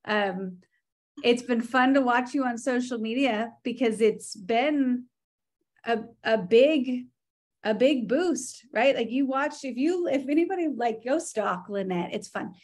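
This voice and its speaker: A woman's voice: fairly high pitch, unhurried, darkish tone. A woman hosting a casual team video call, talking in a gushing, enthusiastic, chatty way.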